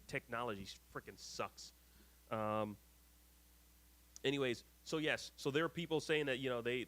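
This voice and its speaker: A man hosting a live stream, reading viewer comments aloud with lively ups and downs and grumbling when his screen freezes. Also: medium pitch. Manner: exasperated, grumbling at tech trouble. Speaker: host.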